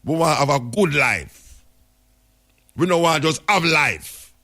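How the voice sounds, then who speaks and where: A man's voice: on the high side, animated, a little slow, pushed and bright. Jamaican man in a radio monologue. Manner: storytelling in Jamaican patois, emphatic. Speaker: radio host.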